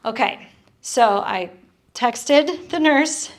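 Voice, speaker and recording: A woman's voice: fairly high pitch, expressive, takes it slowly. A woman speaking to a church women's group, telling a personal story in a conversational way and putting questions to the audience. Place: church hall.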